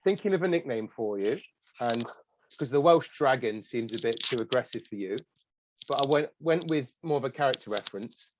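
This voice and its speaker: A man's voice: medium pitch, lively intonation, a little fast, lo-fi sound, background noise. An English man co-hosting a podcast, teasing his co-host in casual chat. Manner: teasing, jokey.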